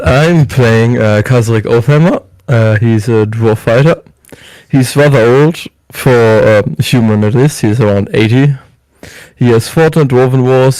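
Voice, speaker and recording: A man playing a tabletop game, describing his character in a hesitant way with many pauses. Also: medium pitch, a little mellow, clean tone, no room sound, rough recording. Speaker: player. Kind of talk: casual tabletop role-play.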